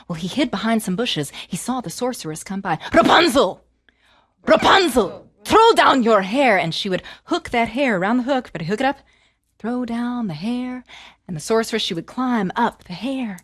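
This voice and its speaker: A woman telling a fairy tale to children, animated and inviting the listeners to join in the actions. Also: mid-range voice, normal speed, no echo. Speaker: storyteller.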